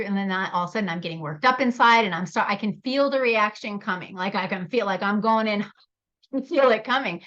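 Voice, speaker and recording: A woman leads a live leadership workshop in an animated, personal way. She laughs often and turns to attendees by name. Her voice sits at a middling pitch, and the audio is slightly dull and lo-fi, like an online call. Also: fast.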